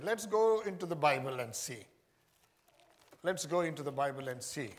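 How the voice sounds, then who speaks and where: Guy preaching, high voice, echoey hall, keeps repeating questions. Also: animated, moderate pace. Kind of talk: sermon.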